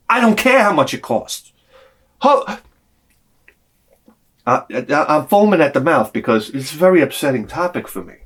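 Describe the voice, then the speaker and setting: Man vlogger, exasperated storytelling rant, very lively pitch, cursing freely. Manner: animated, profane, exasperated.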